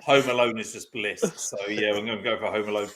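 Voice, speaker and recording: A man's voice: lowish voice, fairly even intonation, fast, crowd noise. A man, a father of young children, chatting earnestly and laughing as a podcast guest. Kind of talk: casual group chat.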